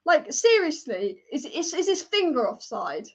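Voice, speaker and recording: A young woman hosting a live football watch-along, excitable and casual, chanting and swearing as she reacts. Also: high-pitched, unhurried. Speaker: football fan livestream host. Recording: dull lo-fi stream audio.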